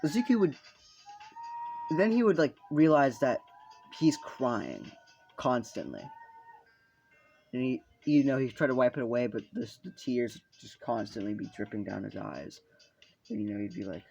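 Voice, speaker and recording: A casual storyteller spins a fan story off the cuff, rambling through likes and you-knows and swearing freely. The voice sits in a middling pitch. Faint game music plays underneath. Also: big pitch swings, normal speed, creaky, pauses often, darkish tone, rough recording. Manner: rambling, swears a lot, many fillers. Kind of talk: improvised fan-fiction narration. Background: faint video game music.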